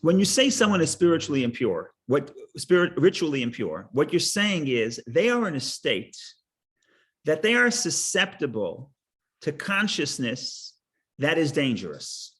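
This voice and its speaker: A man teaching a Torah class, halting, repeating words and restarting, and explaining with stories and jokes. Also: on the high side, sing-song, a bit bright.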